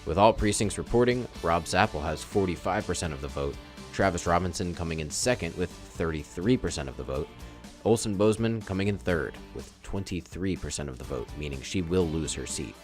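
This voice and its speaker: A man reading local news as a TV anchor, in a measured, formal delivery. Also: low voice, lively intonation, faint music behind.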